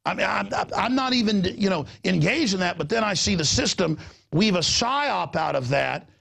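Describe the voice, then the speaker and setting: A middle-aged man hosting a talk show, rambling in an animated way and repeating his words, with a gravelly voice. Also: moderate pace. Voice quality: gravelly, husky voice. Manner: excitable, repeats words, jumps between pitches.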